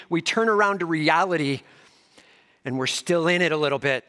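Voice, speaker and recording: A man preaching a sermon who swings between emphatic raised passages and hushed soft ones, with casual slangy asides. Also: high-pitched, fairly quick. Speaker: pastor. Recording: long hall reverb.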